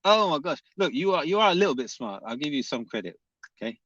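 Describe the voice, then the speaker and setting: A man's voice: medium pitch, very animated, quick pace, no echo, highs cut off. A man streaming live, reading viewer comments aloud and arguing back, repeating his questions at the commenters.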